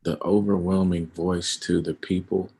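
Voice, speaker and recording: Casting: gravelly, husky, low-voiced man, casual livestream host, emphatic. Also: flat delivery, unhurried. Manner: emphatic, rising to loud outbursts. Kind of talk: casual opinion chat on a livestream.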